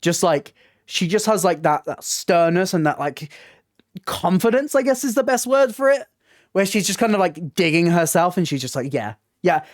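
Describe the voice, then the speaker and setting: A woman hosting a casual review vlog as a theatre reviewer, gushing and excitable, often tripping over her words. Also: fairly low pitch, moderate pace, dry recording, clean studio sound. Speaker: theatre reviewer and channel host.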